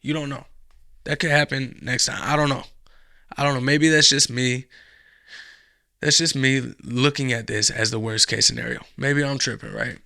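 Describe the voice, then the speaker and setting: A man's voice: mid-range voice, fairly even intonation, normal speed, creaky, bright, forceful tone, dry recording, clean studio sound. A man hosting a reaction show, giving blunt, profane commentary on a video clip.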